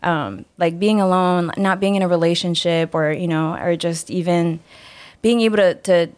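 A young woman guest telling a personal story in a casual interview, lively, acting out the voices she quotes and leaning on filler words. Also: lowish voice, moderate pace, smooth. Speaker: guest, singer-songwriter.

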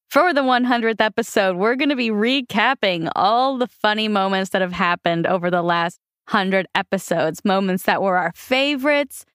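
A woman's voice: mid-range voice, fairly bright tone, clear, resonant tone, no room sound, studio quality. A young woman co-hosting a podcast in casual chat, giggly and enthusiastic. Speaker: podcast co-host.

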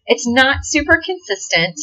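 Lively bright-voiced woman telling stories. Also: high voice, moderate pace, dull audio. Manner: animated, laughs often, swears casually. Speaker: podcast guest, delivery nurse. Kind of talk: casual chat, storytelling.

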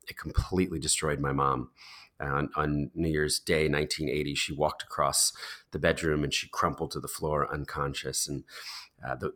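A man in his thirties from the United States, a podcast guest recording from New York City, telling his life story thoughtfully with frequent pauses and restarts. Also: extremely low pitch, a bit bright. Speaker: interview guest. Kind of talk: conversational storytelling.

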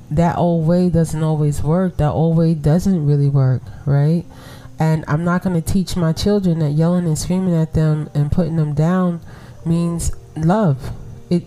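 A woman in her forties with a low, warm-toned Brooklyn voice hosts a casual podcast for women. She talks conversationally, laughs often and keeps asking her listeners "right?", while faint music plays behind her. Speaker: podcast host.

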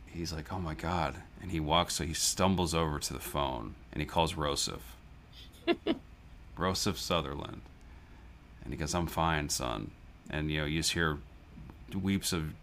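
A man's voice: a bass voice, vocal fry, fairly bright tone, slight background noise. A man co-hosting a movie podcast, chatting casually in a rambling, jokey way and laughing often. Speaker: podcast co-host.

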